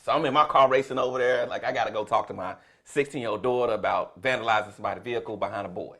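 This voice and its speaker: A man's voice: fairly low pitch, very fast, bright, forceful tone. A middle-aged man, a comedian, telling a story in a casual chat and laughing through the punchlines. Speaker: comedian guest.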